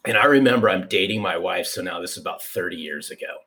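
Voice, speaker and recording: A man in his fifties, a podcast guest telling a personal story in an animated, repeating way. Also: deep voice, fast. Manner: animated, restarts, repeats for emphasis. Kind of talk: conversational storytelling.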